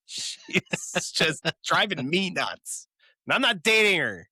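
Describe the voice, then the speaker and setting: Animated man retelling scenes on a podcast. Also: sits high, slow pace, breathy edge, no echo, clean studio sound. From Upper Midwest of the US. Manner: animated retelling, jumping into character voices. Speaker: podcast co-host. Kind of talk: casual podcast chat.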